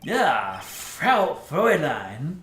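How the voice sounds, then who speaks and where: A man's voice: fairly high pitch, wildly swooping pitch, extremely slow, fairly bright tone, roomy sound, slight background noise, heavily acted. Klavier Gavin, a man doing a suave rock star drawl. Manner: smooth, drawling, calls everyone baby.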